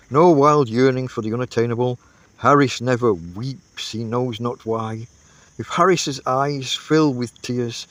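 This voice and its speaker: A man reading a classic comic novel aloud, telling the story in an unhurried, expressive way. His voice sits at an ordinary middle pitch, and the recording is dry and close with no room echo. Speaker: audiobook reader.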